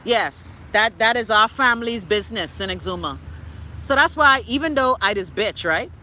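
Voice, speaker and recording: A Bahamian woman hosting a live stream, reading viewers' comments and ranting loudly and profanely. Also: fairly high pitch, expressive, normal speed, slight background noise. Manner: loud, profane, exclaiming ranting. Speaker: livestream host.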